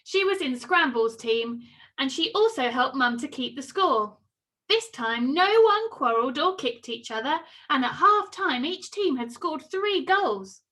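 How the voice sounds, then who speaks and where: A woman reading a children's story aloud with expressive, sing-song storytelling. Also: sits high, unhurried.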